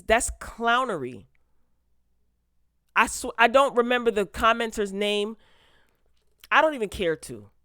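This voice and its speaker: Indignant woman vlogger, smooth and dry. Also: lowish voice, a bit bright, no echo. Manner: blunt, indignant, rising to exasperation. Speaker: channel host. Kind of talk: casual commentary vlog.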